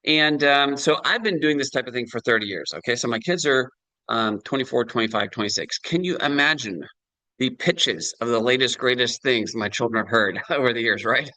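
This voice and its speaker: A man's voice: mid-range voice, normal speed, pushed and bright, no echo, low-quality recording. A middle-aged man giving a chatty sales presentation on a video call, full of fillers and "right?" tag questions.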